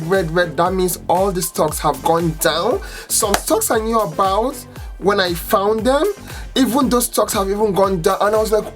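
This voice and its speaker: Young woman vlogging, super animated, lots of oh my god, soft music behind. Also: mid-range voice. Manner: animated, exclaims and acts out her own reactions. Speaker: finance vlogger. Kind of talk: casual vlog chat.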